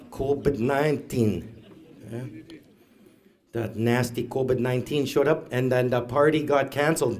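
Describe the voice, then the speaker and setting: A man, a stand-up comedian telling stories on stage with deadpan asides. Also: mid-range voice. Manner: storytelling, deadpan asides, laughs at own jokes. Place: live event hall, audience.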